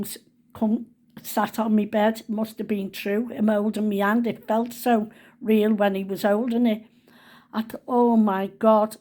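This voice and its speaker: A woman's voice: mid-range voice, a little mellow. A woman, telling a personal story in a chatty, homely way.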